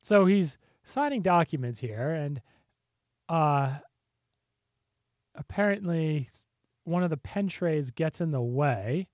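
A man's voice: fairly high pitch, no room sound, clean studio sound. A man giving casual commentary on video clips, chatty and laughing often. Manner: chatty, laughs often, mimics voices in quotes.

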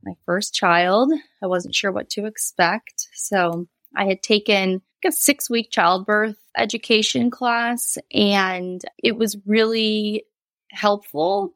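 A woman's voice: medium pitch, fairly bright tone, no echo. A woman in her thirties, a guest telling a personal story in a candid, rambling way, with laughs and quoted asides. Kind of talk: casual interview storytelling.

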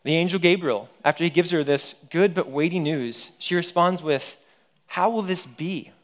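A man's voice: on the high side, normal speed. A pastor in his thirties preaching a sermon, earnest and emphatic, repeating key phrases.

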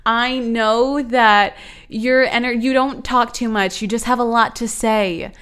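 A young woman hosts a self-help podcast in a casual, heartfelt way, wandering through her thoughts with plenty of fillers. Her voice sits a little high and sounds smooth and clear. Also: steady tone, measured pace, a bit bright. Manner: earnest, rambling with many fillers. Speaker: podcast host.

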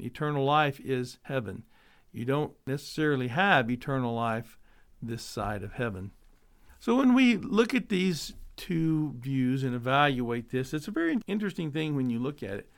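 A man giving a Bible lesson in a steady, mid-pitched voice. He explains doctrine point by point and reads verses aloud, letting his voice sink at the close of each thought. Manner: measured, explanatory, trails off low at ends of points. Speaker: Bible teacher. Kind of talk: theology lecture with scripture reading.

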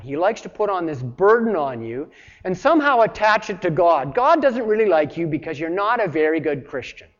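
A man preaching a sermon in an earnest, plain-spoken way, talking straight to his listeners and acting out voices when he quotes someone. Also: sits high. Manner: acts out voices when quoting. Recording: dull sound with long reverb.

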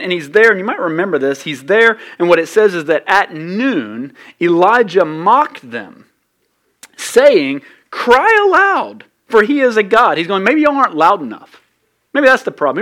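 A man preaching a sermon as pastor, conversational and animated, rising to loud peaks and dropping low.

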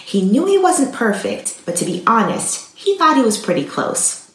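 A woman's voice: a little high, wildly swooping pitch, moderate pace. A woman earnestly telling a devotional story and speaking directly to listeners. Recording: roomy echo.

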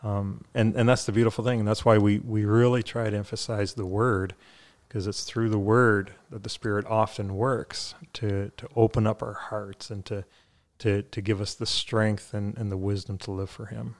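A man's voice: fairly low pitch, level tone, moderate pace. A man talking earnestly on a faith podcast, with many fillers and restarts, then leading a prayer.

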